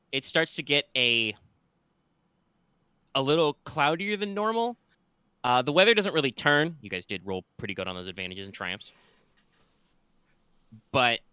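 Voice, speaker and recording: A man narrating a tabletop game as its game master, his voice bright and smooth. He is close to the mic in a dry room. He wanders through fillers and restarts as he describes the scene. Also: fairly low pitch, dry recording. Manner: rambling, with many fillers and restarts.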